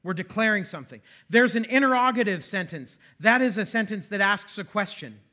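A man preaching in a church, his voice high and bright. He teaches in a conversational way, slipping in self-deprecating jokes and asides to the congregation. The delivery stays friendly and informal. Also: animated, brisk. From western Pennsylvania. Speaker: pastor. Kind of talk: sermon. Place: church sanctuary.

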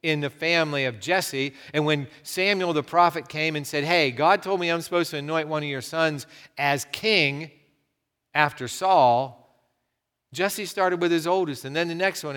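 A man preaching a sermon, telling stories with animated swings from loud to hushed. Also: on the high side, clear, resonant tone, in a large hall. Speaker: pastor.

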